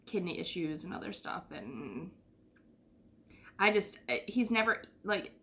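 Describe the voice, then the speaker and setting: A woman's voice: fairly low pitch, big pitch swings, measured pace, a bit bright. A middle-aged woman from the United States hosting her knitting podcast in a rambling, casual chat full of fillers and sighs. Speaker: podcast host.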